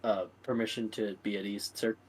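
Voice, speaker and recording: A man's voice: fairly low pitch, flat delivery, normal speed, breathy edge, pitched below the performer's own voice. A man voicing a grumpy, sarcastic young psychic woman in a tabletop game, with a curt, muttering delivery. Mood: stiffly formal.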